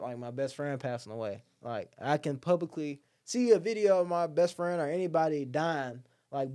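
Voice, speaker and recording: A young man talks casually as a podcast guest, his voice a little higher than most and smooth and clear. He is a lively storyteller who slips into the voices of the people he quotes, peppering his talk with "like" and "bro.". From Alabama. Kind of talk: casual conversation.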